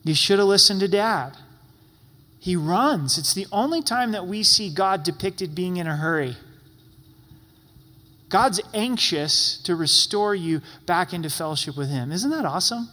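Pastor guy preaching, earnest and pleading, bright high voice ringing round a big church hall. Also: lively intonation, measured pace. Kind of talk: sermon. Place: church sanctuary.

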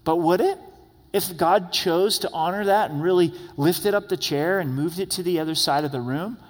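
A man's voice: high voice, normal speed. Man preaching in a reverberant hall. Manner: earnest, conversational, rising to emphatic questions. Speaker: pastor. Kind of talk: expository sermon.

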